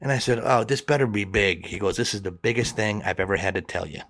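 Guy telling a story on a podcast, lowish voice, dry close mic, does the voices of everyone in it. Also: quick pace, no echo. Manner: animated, acts out both sides of the dialogue. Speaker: guest telling a personal story. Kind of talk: conversational storytelling.

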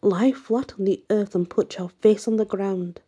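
A woman's voice: low-pitched, steady tone, normal speed, warm tone, breathy edge. A woman reading aloud, voicing a nervous older parish priest who gives grave warnings and cries out in fear. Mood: terrified.

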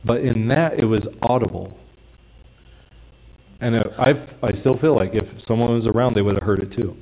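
Man, preacher, sermon, conversational, mid-pitched voice, soft hushed asides. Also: normal speed, creaky, low-quality recording. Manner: conversational, drops to a soft hush for quiet lines.

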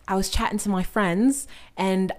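A young woman, an actress, talking casually as a podcast guest, animated and quick to laugh, with plenty of filler words. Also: medium pitch. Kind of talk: casual conversation.

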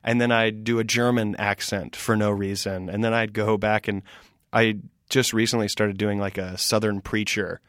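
A man in his thirties, a stand-up comedian guest, telling stories in a casual, animated way. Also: lowish voice, no room sound, clean studio sound. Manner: animated, quick storytelling with laughs. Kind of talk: casual interview chat.

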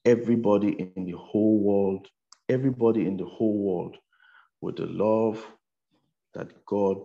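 A man's voice: lowish voice, fairly even intonation, moderate pace, vocal fry, warm tone, muffled recording. A man preaching a sermon, repeating his lines for emphasis and punctuating them with "amen" and "you know".

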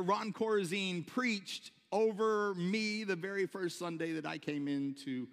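A man preaching a sermon to his church, animated, repeating words and shouting when excited. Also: high-pitched, in a large hall. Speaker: pastor. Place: church sanctuary.

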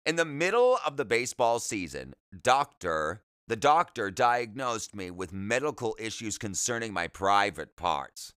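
A man narrating his childhood memoir in a plain, unhurried storytelling manner. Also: lowish voice, a bit bright, clean tone, no room sound, clean studio sound. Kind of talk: reading a memoir aloud.

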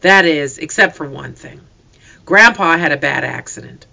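A reader voicing a cheerful farm father in an audiobook, with a hearty, lively delivery. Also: medium pitch, normal speed, gravelly, full character voice, low-quality recording. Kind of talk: audiobook character voice.

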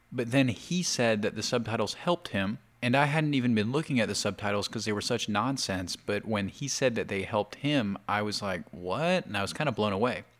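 A man's voice: fairly low pitch, fairly bright tone. A man chatting casually to camera for his video blog, talking between bites of food. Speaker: video blogger.

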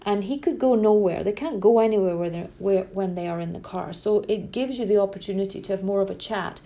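A woman's voice: medium pitch, fairly quick, dark tone. A middle-aged woman talking to parents as a parenting coach, speaking emphatically and repeating words for stress. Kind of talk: earnest spoken talk to parents.

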